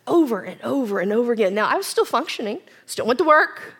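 A woman giving an earnest personal testimony as a church speaker, swinging from strong declarations to soft, near-whispered reflection. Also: fairly high pitch, very animated, fast, slightly rough. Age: adult with children. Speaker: women's ministry speaker.

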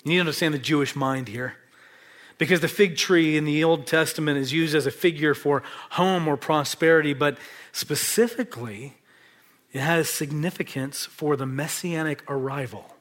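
A middle-aged man preaching a sermon, stressing words hard and then dropping to a hush. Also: a little high, moderate pace. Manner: emphatic, dramatic shifts between loud stress and hushed whispers.

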